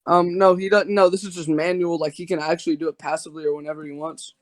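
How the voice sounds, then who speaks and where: A man's voice: a little high, flat delivery, fast talker. A man debating over a voice call, rambling and filling his talk with "like". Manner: rambling, heavy on filler words. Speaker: debater and channel host. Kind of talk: casual online debate.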